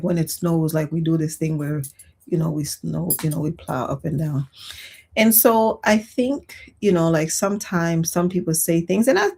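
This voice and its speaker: A woman hosts a livestream and chats casually and expressively, mixing personal stories with viewer comments she reads aloud. Her voice sits on the low side and has a husky edge. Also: darkish tone. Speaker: livestream host. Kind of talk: casual storytelling chat.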